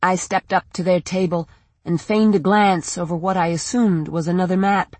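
Audiobook narrator, first-person story, steady measured read, dry close mic. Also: medium pitch, no echo.

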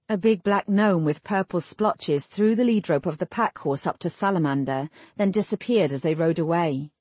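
A woman narrating a fantasy audiobook in a measured, even storytelling manner. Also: fairly low pitch, slightly rough, no echo. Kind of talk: scripted narration.

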